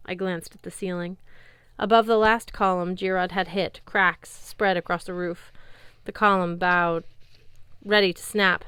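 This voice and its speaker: A woman reading a fantasy novel aloud as an audiobook narrator, in a lively storytelling way. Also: fairly low pitch, clean tone, no echo. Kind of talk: scripted narration.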